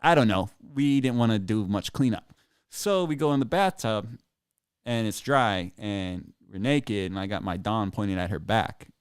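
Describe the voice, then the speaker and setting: A man's voice: on the low side, animated, moderate pace, clear, resonant tone, no echo, clean studio sound. A man in his thirties telling a rambling, crude story on a live stream, casual and self-amused. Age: 30s.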